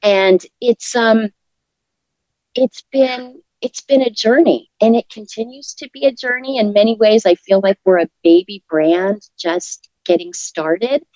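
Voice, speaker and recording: A middle-aged woman speaking as an interview guest, earnest and encouraging, with soft laughs as she talks. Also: mid-range voice, a little slow, no room sound, lo-fi sound. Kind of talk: casual interview talk.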